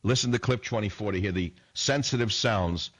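A man's voice: lowish voice, moderate pace, fairly bright tone. A man hosting a political talk radio show, delivering a combative, sarcastic monologue full of rhetorical questions into a studio microphone.

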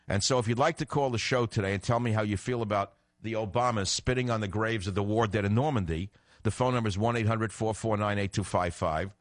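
A man's voice: quick pace, dry recording, studio quality. Combative man hosting talk radio. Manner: combative, emphatic, swings from low to loud outbursts. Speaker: radio talk show host. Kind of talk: political talk radio monologue.

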